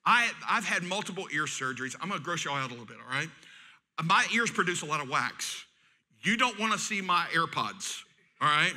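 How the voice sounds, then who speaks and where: A middle-aged man, preaching a sermon in a folksy, joking and animated way. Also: high-pitched, a little fast. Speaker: pastor.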